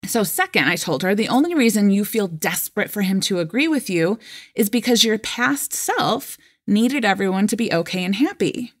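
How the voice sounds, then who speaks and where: A woman in her thirties hosting a solo coaching podcast, talking casually and animated, acting out quoted voices with frequent laughs. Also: medium pitch, moderate pace. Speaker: life coach and podcast host.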